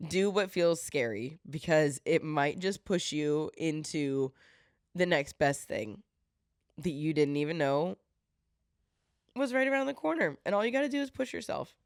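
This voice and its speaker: A woman's voice: lowish voice, dry recording, studio quality. A woman hosting her own podcast in a casual, earnest, heartfelt way, getting teary-eyed as she talks. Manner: earnest and heartfelt, with frequent fillers. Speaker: podcast host. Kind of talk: casual solo podcast talk.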